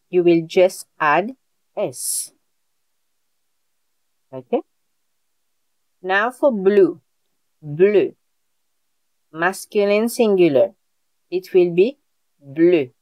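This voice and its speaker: Slow, patient woman teaching beginners. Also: lowish voice, darkish tone, no room sound. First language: French. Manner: patient, repeats points and checks in with "Okay?". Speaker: French teacher. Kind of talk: live online beginner language lesson. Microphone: video call.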